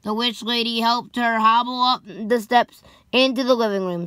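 A young woman reading a children's book aloud slowly, stumbling over names and dropping sarcastic asides. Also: on the high side, steady tone, a bit bright, no room sound. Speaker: storybook reader.

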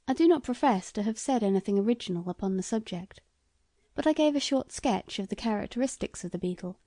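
An audiobook narrator, a woman with a mid-range voice, reads a classic short story from a script in a measured, even manner. The recording is clean studio sound with no room sound.

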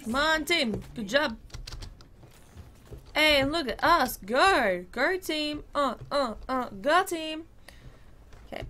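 A woman's voice: high voice, lively intonation, slow pace, pauses often, sharp tone, a little hiss or hum. A woman giving casual, chatty commentary while playing a video game, cheering on her team. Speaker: gaming video creator.

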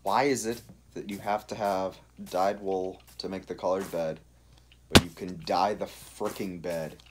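A man's voice: low voice, fairly even intonation, measured pace, slight background noise. A man chatting casually while playing a video game, ranting in an exasperated way about its rules. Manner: ranty and exasperated. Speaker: gaming YouTuber. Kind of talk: casual gaming chat.

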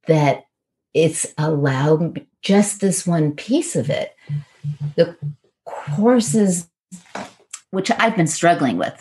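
Middle-aged woman w a low voice, earnest and halting, pausing a lot as she tells her story. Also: darkish tone. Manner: earnest, halting, reflective with frequent pauses. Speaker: podcast guest. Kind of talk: personal storytelling.

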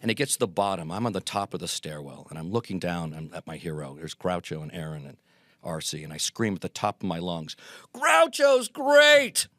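Deep-voiced man telling animated stories. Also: fast talker, dry recording. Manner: animated anecdotes with acted quotes. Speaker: guest, Groucho performer. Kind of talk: storytelling interview.

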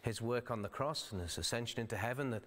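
A man's voice: medium pitch, fast talker, fairly bright tone. A male pastor delivering a sermon in a conversational, explanatory way, sometimes reading scripture in old-fashioned wording. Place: church sanctuary. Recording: long church hall reverb.

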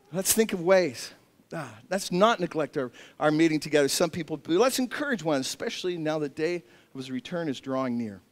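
A male pastor preaching a sermon, telling animated stories with self-mocking humor. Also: fairly high pitch, normal speed, in a large hall.

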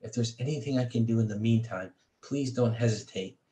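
A man's voice: medium pitch, a little fast, dark tone, lightly acted. A man reading aloud, playing a courteous but condescending male hotel concierge. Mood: smug. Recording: echoey room.

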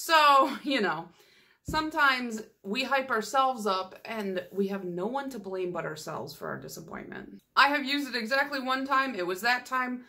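A woman's voice: medium pitch, lively intonation, moderate pace, bright, forceful tone. A young woman hosting a nail polish channel, chatting casually and teasing herself with playful exaggeration. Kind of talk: casual vlog chat.

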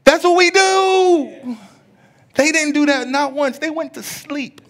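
A middle-aged man preaching a sermon as pastor, telling stories that act out other people's voices and building to loud preaching. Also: very high-pitched, slow. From USA. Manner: storytelling, rising to loud preaching; acts out the voices in his stories.

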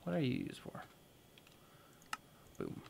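A man's voice: slow pace, darkish tone. A man hosting a gaming video, giving casual let's-play commentary and thinking aloud with playful, goofy exclamations.

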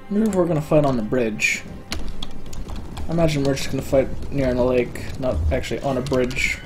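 A gamer giving casual, self-mocking commentary on his own play, with sudden excitable outbursts. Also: mid-range voice, moderate pace. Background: faint in-game music and keyboard typing.

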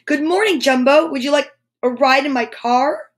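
A woman doing Noddy, a high little toy boy. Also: normal speed, close to an everyday voice. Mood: cheerful. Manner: plaintive, emphatic repeating. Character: cheerful little toy boy driver, easily upset. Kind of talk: children's storybook read-aloud.

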